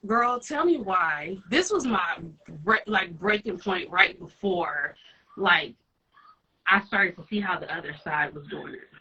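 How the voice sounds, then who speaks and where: A woman in her thirties, a guest in a casual chat, telling a confessional story in a lively way. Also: on the low side, unhurried, slightly rough, highs cut off.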